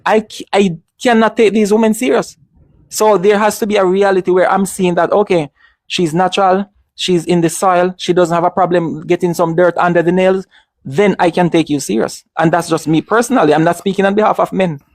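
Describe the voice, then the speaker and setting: A man's voice: high-pitched, fairly even intonation, a little fast, darkish tone, dry recording. A man in casual discussion, speaking emphatically, repeating his points and restarting often.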